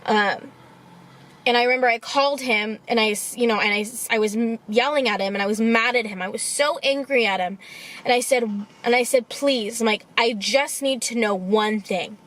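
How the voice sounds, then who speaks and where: A woman in her twenties telling a personal story to her camera. She talks in a halting, emotional way and sounds tearful. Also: a little high, a bit bright. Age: 20s. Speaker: vlogger.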